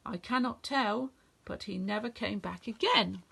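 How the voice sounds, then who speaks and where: A woman reading a children's story aloud in a gentle, expressive way. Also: mid-range voice, unhurried, gravelly, husky.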